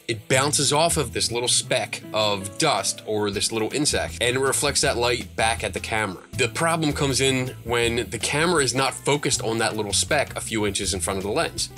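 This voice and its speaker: A man's voice: mid-range voice, bright, forceful tone. A man who is a guest photography expert, patiently explaining camera effects in an interview with an amused, demonstrating manner.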